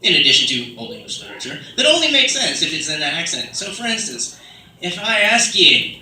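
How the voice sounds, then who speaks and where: Fast, sing-song, and a little high, this man's pushed, bright voice carries a rambling comedy set of fillers, asides, and put-on British accents. Captured by a distant mic, it sounds roomy, with faint ambience and slight background noise.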